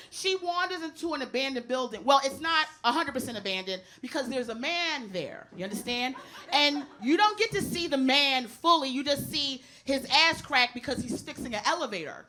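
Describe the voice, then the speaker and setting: A woman comedian doing a brash, profane, animated stand-up routine on a club stage into a handheld mic. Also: high-pitched. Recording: live club recording with crowd laughter and noise.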